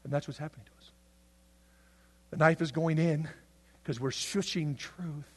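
A male pastor preaching a sermon, swinging between loud, impassioned passages and hushed, intense ones. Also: a little high, normal speed, slightly rough. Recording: long hall reverb.

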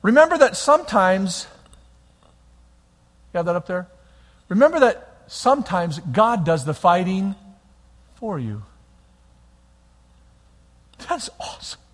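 Male pastor, sermon, high voice, big dynamic swings, long church hall reverb. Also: takes it slowly, pauses often. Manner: animated, swings between loud bursts and quiet, near-whispered lines.

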